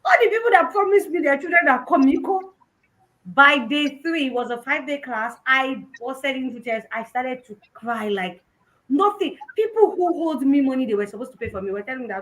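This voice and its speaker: A young woman with a Nigerian Yoruba-tinged accent, giving an animated personal testimony at a conference and mixing in Yoruba phrases. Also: high voice, moderate pace, slight background noise, low-quality recording. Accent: Nigerian, Yoruba-influenced English. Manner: animated storytelling, switching between English and Yoruba. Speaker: conference speaker.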